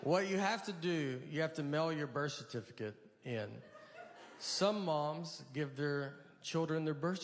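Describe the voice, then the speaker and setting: A man performing a stand-up routine, telling rambling stories in a halting, deadpan way. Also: on the high side. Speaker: stand-up comedian. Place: large venue with a live audience. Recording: live stage mic in a reverberant hall with audience noise. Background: audience laughter.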